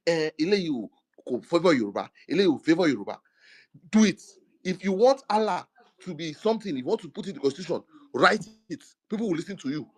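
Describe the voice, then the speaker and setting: A man lecturing forcefully in a heated live discussion, mixing in Yoruba phrases. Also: a little high, expressive, fast. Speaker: speaker in an online audio discussion.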